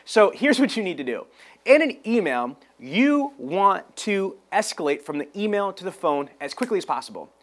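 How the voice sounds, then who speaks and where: High-energy hyped man, high voice. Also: sing-song, normal speed. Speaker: sales trainer. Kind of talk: motivational sales training talk.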